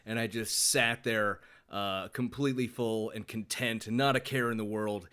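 A man's voice: lowish voice, steady tone, moderate pace, a bit bright, smooth. A man co-hosting a podcast, chatting casually, laughing often and swearing freely. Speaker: podcast co-host. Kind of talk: casual chat.

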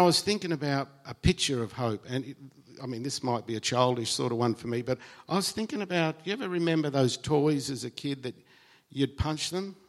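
A man preaching a sermon in a conversational, earnest way, swinging between soft, low remarks and emphatic lines.

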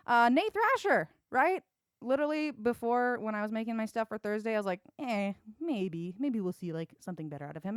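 A woman's voice: mid-range voice, smooth, dry recording, studio quality. A young woman hosting a solo sports podcast, chatty and opinionated, with casual swearing. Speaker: podcast host.

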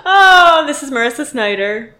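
A woman from Pittsburgh co-hosting a podcast in a light, fairly high voice. She chats casually with bubbly enthusiasm and giggles between her thoughts. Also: animated, moderate pace, pushed and bright. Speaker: podcast co-host. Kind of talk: casual chat.

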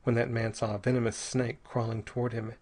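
A man narrating an adventure story in a measured, steady reading voice. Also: medium pitch. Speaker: audiobook narrator. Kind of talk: scripted narration.

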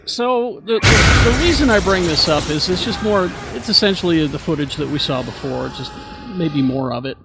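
A man's voice: fairly high pitch, animated, moderate pace, few pauses, very noisy. A man hosting a radio show, chatting casually and rambling with lots of fillers and restarts.

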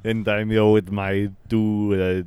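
A man's voice: on the low side, little pitch movement, takes it slowly, a little mellow, clean tone. A man leading an improv comedy scene in a playful way. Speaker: improv performer.

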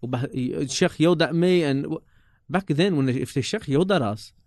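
A man, telling stories from his student days in a casual, animated way, often repeating himself and dropping in Arabic religious terms. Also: on the high side, a little fast, dry recording, studio quality. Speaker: podcast guest recalling his teachers. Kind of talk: casual storytelling chat.

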